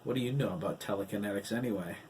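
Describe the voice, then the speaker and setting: A man's voice: on the low side, racing, noisy background, lightly acted. A man reading the part of a wry, anxious woman in an audiobook.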